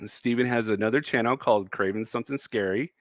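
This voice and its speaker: A man in his forties, co-hosting a livestream, easygoing and quick to chuckle. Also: mid-range voice, dry recording, clean studio sound. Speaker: co-host. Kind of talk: casual livestream chat.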